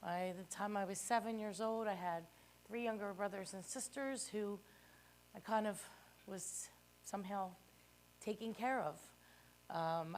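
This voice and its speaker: A woman's voice: fairly low pitch, slight background noise. A woman from Philadelphia giving her first talk to colleagues, telling her life story modestly and a bit nervously. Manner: modest and a little nervous, with fillers. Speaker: guest speaker, real estate agent. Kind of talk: personal life story speech.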